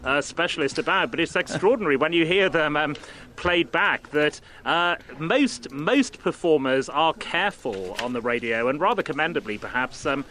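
A radio interviewer talks in a measured, thoughtful way. His voice is bright and a little high, and he pauses with small hesitations. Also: expressive, a little hiss or hum. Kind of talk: radio discussion.

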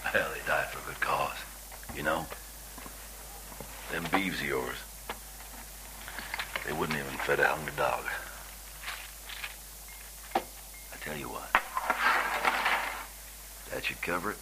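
An actor playing a gruff, cool-headed outlaw in a western film, speaking in a low, breathy half-whisper. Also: male voice, takes it slowly, pauses often, full character voice. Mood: dry, taunting. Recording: film clip with loud background noise.

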